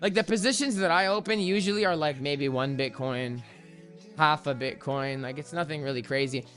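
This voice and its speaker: A man's voice: on the high side, moderate pace, fairly bright tone. A young man hosting a crypto trading livestream, chatty and hyped, talking straight to his chat while sounding tired. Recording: music playing faintly behind.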